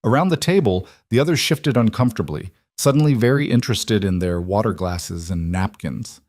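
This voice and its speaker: A man narrating a scripted story in an even, steady manner. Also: on the low side, a little fast, no room sound.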